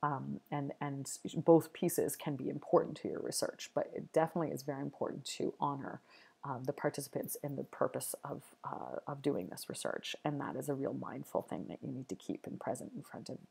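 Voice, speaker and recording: A woman's voice: extremely low pitch, fairly even intonation, fairly quick, creaky, a little mellow, husky. A woman giving a recorded university video lecture, thoughtful and explanatory, with frequent ums and restarts.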